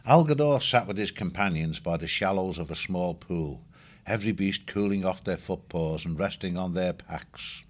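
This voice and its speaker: Deep-voiced male audiobook narrator. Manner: steady, measured storytelling. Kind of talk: scripted narration.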